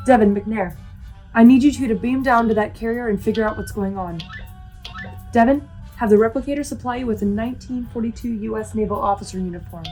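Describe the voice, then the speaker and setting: A woman playing a starship commander, giving brisk, commanding orders to her crew. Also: fairly high pitch, warm tone, soft background music, poor audio.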